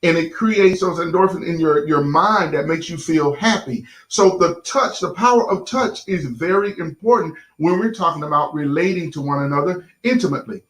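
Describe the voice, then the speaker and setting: A man's voice: on the high side, normal speed, hardly any pauses, fairly bright tone. Folksy pastor man in an echoey room. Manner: folksy, addresses the audience as y'all, lots of fillers. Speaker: pastor and show host. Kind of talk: casual sermon-like talk to viewers.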